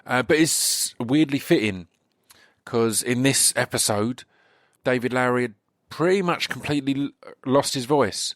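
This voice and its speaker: A man with an English accent hosting a podcast, his voice slightly croaky, chatting casually in a rambling way with many restarts. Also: mid-range voice, a little slow, dry recording, clean studio sound. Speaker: podcast host. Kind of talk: casual solo intro.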